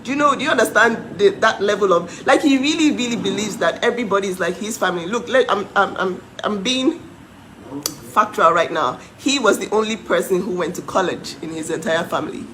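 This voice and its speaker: A woman's voice: mid-range voice, brisk, fairly bright tone, a little hiss or hum, poor audio. A young woman from Nigeria ranting to her followers, indignant and mocking, breaking into disbelieving laughs. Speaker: vlogger. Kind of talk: heated live rant to followers.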